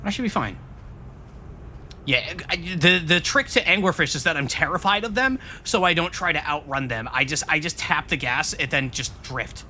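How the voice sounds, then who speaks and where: A man's voice: fairly high pitch, animated, normal speed, sharp tone, a little hiss or hum. A man giving live, rambling commentary as he plays a video game, joking back at his chat. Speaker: streamer. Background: game music.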